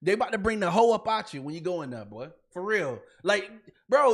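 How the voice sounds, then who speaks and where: A man's voice: high voice, very animated, fairly quick. A man co-hosting a comedy podcast, ranting in a heated, profane way and repeating himself when fired up. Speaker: podcast co-host.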